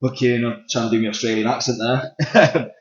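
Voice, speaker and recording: A man's voice: medium pitch, fairly even intonation, normal speed. A man with a Manchester accent hosting a grappling podcast, chatting casually, swearing and laughing easily. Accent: Northern English, Manchester. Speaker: podcast host and grappling coach. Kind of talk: casual chat. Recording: dull lo-fi sound.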